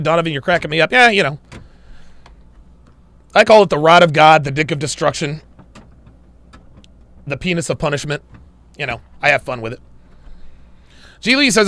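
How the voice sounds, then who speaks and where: A man hosting a live stream, reading out chat comments and answering with crude, joking banter. His voice sits somewhat high and is bright and sharp, and it swings widely in pitch. The recording is close and dry. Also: creaky, dry recording. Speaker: livestream host reading chat. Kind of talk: casual livestream chat.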